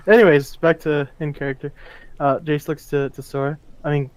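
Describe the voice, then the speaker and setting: A man's voice: a little high, moderate pace, poor audio. A man playing a tabletop game, casual and laid-back, laughing easily. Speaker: player.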